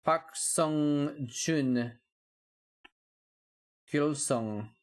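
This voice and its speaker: A man's voice: a little high, extremely slow. A man streaming live, chatting casually while watching old game footage, rambling and breaking off his own sentences with an amused tone. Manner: rambling, self-interrupting, amused.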